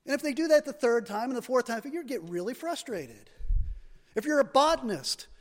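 A male pastor preaching a sermon in a church, animated and building to emphatic peaks. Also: very high voice, normal speed, long reverb tail.

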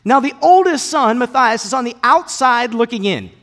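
A man in his thirties preaching a sermon and telling personal stories, lively and animated, his voice rising and getting loud when excited. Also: very high-pitched, moderate pace, long reverb tail. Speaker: pastor.

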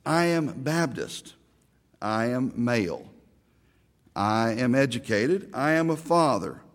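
A man's voice: medium pitch, sing-song, takes it slowly, in a large hall. A middle-aged man from Oklahoma, a pastor giving a sermon, telling stories with self-deprecating humor.

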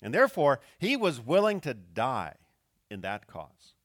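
A man's voice: medium pitch, huge pitch swings, a little slow, no echo, clean studio sound. A man preaching a sermon who tells a story and acts out its quotes, with his intensity rising and falling. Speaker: pastor.

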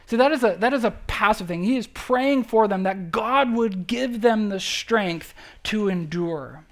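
A woman's voice: mid-range voice, a little slow. Conversational woman pastor preaching. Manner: conversational, repeats key phrases, checks in with listeners. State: emotional when recalling loss. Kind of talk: sermon.

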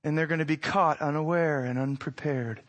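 A high-pitched male pastor delivering a sermon in an easy, conversational tone. He poses rhetorical questions and lets his voice swing from hushed to emphatic. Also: fairly even intonation, normal speed.

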